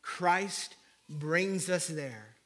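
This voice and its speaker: High-voiced pastor preaching a sermon. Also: male voice, drawn-out words. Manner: rhetorical repeated questions, swinging from loud to hushed.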